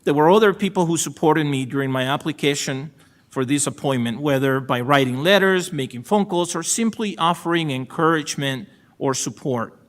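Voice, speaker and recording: Newly appointed to a state supreme court, a middle-aged man from El Salvador gives a formal ceremonial acceptance speech in a Salvadoran Spanish accent. His voice is a little high, and his manner is measured and gracious, touched with dry self-deprecation.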